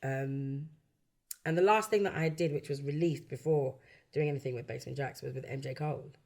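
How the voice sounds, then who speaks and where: A London woman in her early forties, a backing singer and songwriter, telling stories from her career in a relaxed interview, acting out quoted voices and laughing often. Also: extremely low pitch, a little fast. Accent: London English. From London, England. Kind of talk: casual chat.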